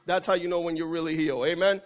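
Male pastor, high voice, emphatic repetitive sermon delivery; dull lo-fi recording. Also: fairly even intonation, fast talker. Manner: emphatic, repetitive preaching with call-and-response.

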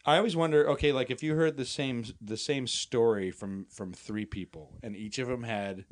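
A man's voice: mid-range voice, normal speed. A man co-hosting a podcast in casual, rambling chat with restarts and laughs. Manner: rambling, many restarts, laughs while talking. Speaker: podcast co-host.

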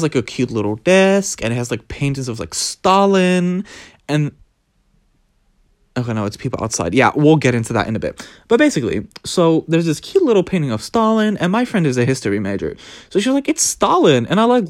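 A young man telling a story in a casual vlog, animated and dramatic, with plenty of swearing. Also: fairly high pitch, no echo, clean studio sound. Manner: animated, dramatic, profane, gossipy. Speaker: vlogger.

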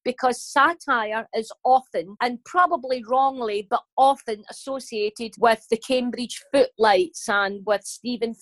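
A woman's voice: fairly high pitch, a bit bright, no echo. A Glaswegian woman in her fifties, a comedian talking bluntly and cheekily in an interview, swearing freely. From Scotland. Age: 50s. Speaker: comedian and guest. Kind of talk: casual interview talk.

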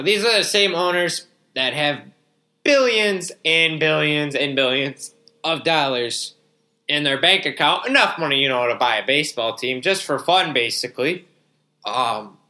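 A man's voice: a little high, sharp tone. A young man in his twenties hosting a casual solo podcast, rambling with lots of fillers and sarcastic grumbling while yawning now and then. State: yawning, a bit drowsy. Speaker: podcast host.

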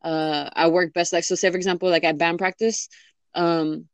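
A woman's voice: fairly low pitch, flat delivery, moderate pace, no room sound. A young woman in casual chat, rambling with lots of fillers and restarts. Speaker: interviewee.

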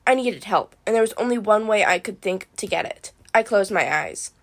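A woman reading a first-person adventure novel aloud in a lively storytelling manner. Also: medium pitch, normal speed, no echo. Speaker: reader.

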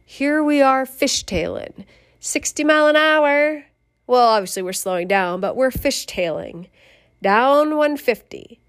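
A middle-aged woman casually telling a personal memoir, animated, swearing and laughing as she goes. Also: high-pitched, measured pace. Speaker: storyteller.

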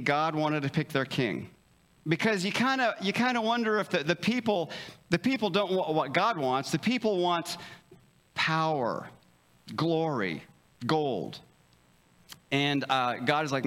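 With a medium-pitched, fairly bright voice, a male pastor gives an informal sermon full of jokes. Restarts and stammers come frequently, and he dramatizes quick back-and-forth dialogue using livelier voices, all in a conversational tone.

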